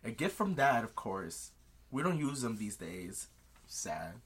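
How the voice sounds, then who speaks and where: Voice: medium pitch, sing-song, takes it slowly, husky. A podcast co-host animatedly retelling a book chapter in casual chat, swearing freely and acting out the characters.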